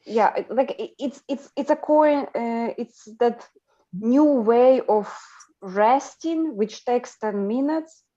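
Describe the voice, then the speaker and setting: A woman hosting a livestream chat, talking in an animated way with lots of fillers and restarts. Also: on the high side, slow, lo-fi sound. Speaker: livestream host. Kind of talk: casual group chat on a livestream.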